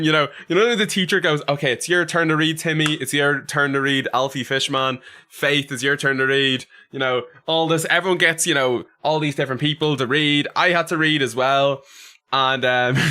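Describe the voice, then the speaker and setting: A man's voice: on the high side, pushed and bright. A young Irish man chatting on his livestream, reading out chat messages and rambling through funny stories. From Ireland. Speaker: streamer.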